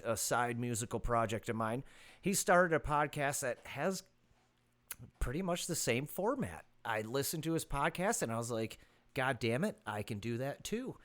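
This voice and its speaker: A man's voice: mid-range voice, fairly bright tone, clear, resonant tone. A man hosting a casual solo music podcast, rambling loosely with swearing, recorded on his phone out in the country. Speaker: podcast host. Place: rural property.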